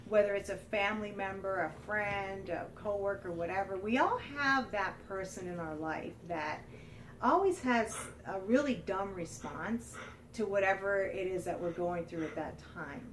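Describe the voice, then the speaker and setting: A woman's voice: mid-range voice, normal speed, far from the mic, rough recording. Candid woman vlogger telling stories, faint noise under the voice. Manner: candid, animated, mimics others in quotes. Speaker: lifestyle vlogger. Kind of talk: casual storytelling monologue.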